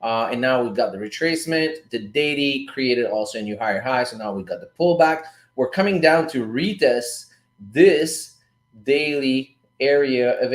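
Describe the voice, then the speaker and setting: In a roomy-sounding recording, a medium-pitched man hosts a relaxed live stream teaching forex trading. He talks loosely, breaking down trades and swearing occasionally, and he calls his viewers "guys" and "dude."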